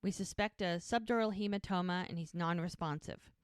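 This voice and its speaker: A woman's voice: lowish voice, a little fast, clean tone, dry recording, clean studio sound. A woman co-hosting a podcast, recapping episodes in casual chat and quoting the characters' lines as she goes. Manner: retells scenes by quoting characters. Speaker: podcast co-host.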